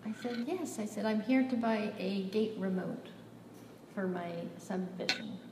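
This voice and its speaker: A woman's voice: mid-range voice, normal speed, background noise. A woman preaching a sermon, telling a personal story and acting out the dialogue, rising to emphatic peaks. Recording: echoey hall, voice from far off, faint ambience.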